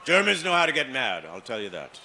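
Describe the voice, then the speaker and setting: A man doing stand-up comedy in a club, telling deadpan stories about his family and chatting with the crowd. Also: medium pitch, a little fast, a little hiss or hum. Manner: deadpan storytelling, loud put-on voices for family.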